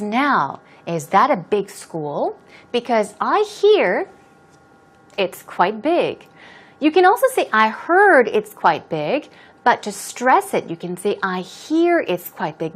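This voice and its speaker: A woman teaching English, patiently going through a dialogue and explaining words and stress step by step. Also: on the high side.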